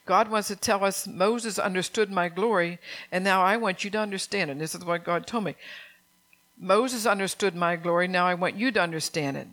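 Give me an older woman giving an earnest sermon, voice pitched in a middle range. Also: a bit bright. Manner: earnest, emphatic, reads scripture aloud, asks the congregation questions. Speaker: preacher.

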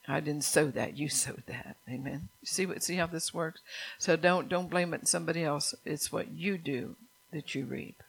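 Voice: mid-range voice, normal speed, creaky, breathy edge, poor audio. A pastor preaching a sermon, emphatic and repeating key lines for stress, often calling out to the congregation for a response.

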